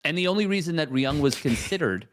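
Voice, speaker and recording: A man's voice: a little high, lively intonation, fast talker. Man ranting heatedly, swearing freely. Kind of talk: casual esports chat.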